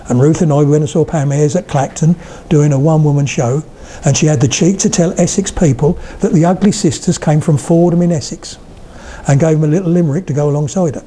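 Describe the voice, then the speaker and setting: A man's voice: a little high, a little fast, mellow, a little hiss or hum. Older man giving a jokey accent talk. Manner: storytelling, demonstrates accents, chatty asides. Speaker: lecturer on accents. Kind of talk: humorous public talk. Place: hall with a live audience.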